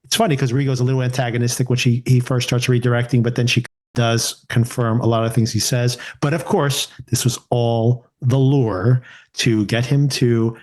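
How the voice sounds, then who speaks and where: A man co-hosting a podcast, chatting casually about a TV series and quoting scenes in animated voices. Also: medium pitch, moderate pace. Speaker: podcast co-host. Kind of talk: casual TV recap chat.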